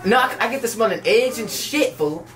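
Rowdy high-voiced man telling crude stories. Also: moderate pace, recorded from a distance. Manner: crude, animated, says "fool" constantly. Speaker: vlogger. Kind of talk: casual storytelling chat.

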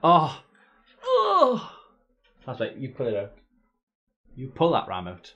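A man's voice: fairly low pitch, expressive, moderate pace, darkish tone, breathy edge, dull audio. A man chatting casually on a gaming live stream. He jokes, swears freely and talks to his viewers as he goes.

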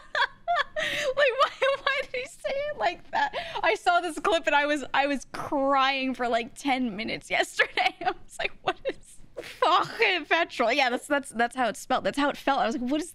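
A young adult woman streamer in casual chat, talking in quick bursts with lots of fillers and frequent laughter. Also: on the high side, a bit bright, no echo. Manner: laughs often, chatty with many fillers.

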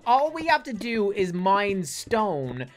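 A woman hosting a gaming video, giving excited commentary with lots of laughing and quick restarts. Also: medium pitch. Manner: hyped, laughing often, rambling with restarts.

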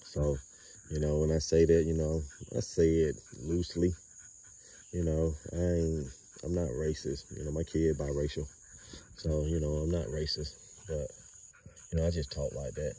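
Man, very low and husky, chatty breeder vlogging outdoors off-mic. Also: flat delivery, moderate pace, warm tone, dry recording, distant mic. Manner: loose, rambling street talk with laughs. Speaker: dog breeder filming his kennel. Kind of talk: casual outdoor vlog narration.

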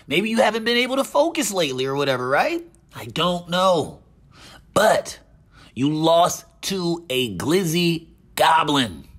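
A man's voice: on the high side, fairly bright tone. A man hosting a gaming channel, mockingly recounting online drama with a repeated catchphrase.

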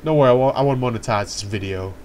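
A young man commenting casually on a video game he is playing, talking in a hyper, rambling, excitable way. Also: medium pitch, quick pace, a little hiss or hum. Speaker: let's play host.

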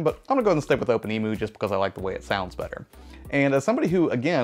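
A young man hosting a tech video, narrating a chatty, relaxed overview and correcting himself along the way. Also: lowish voice.

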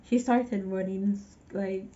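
A woman's voice: medium pitch, steady tone, slow, dark tone, highs cut off. A woman giving a casual movie recap, chatty, with exasperated asides to the viewer. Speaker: movie reviewer.

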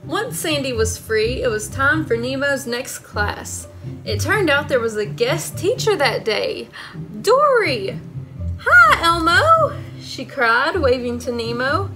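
A woman librarian reading a story aloud to children in an animated way, asking them questions. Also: sits high, measured pace, music in the background.

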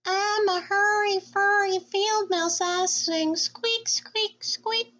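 A woman doing a squeaky shy field mouse. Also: steady tone, takes it slowly, sharp tone, lo-fi sound, slight background noise, heavily acted.

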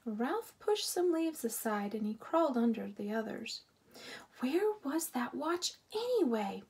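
A woman reading a children's book aloud as narrator, expressive and unhurried. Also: fairly high pitch.

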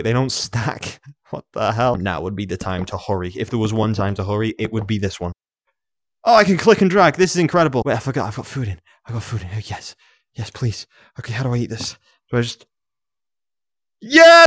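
A man in his room at home, narrating his own gameplay as he plays. He talks to himself in quick bursts, laughs often, and jumps from muttering to excited yelps. There is a physical, on-the-move energy to his talk. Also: lowish voice, no echo, studio quality. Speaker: gamer. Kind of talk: let's play commentary.

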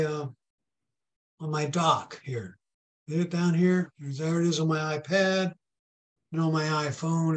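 Patient, folksy man teaching a tech class. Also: fairly high pitch. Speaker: technology class instructor. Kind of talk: hands-on tech lesson with a told joke.

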